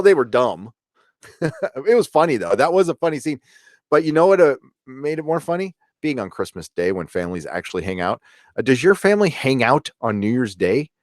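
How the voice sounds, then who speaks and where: A man's voice: a little high, no echo, clean studio sound. A middle-aged man hosting a casual live stream, reading chat aloud in a rambling way full of fillers and restarts. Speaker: livestream host reading chat.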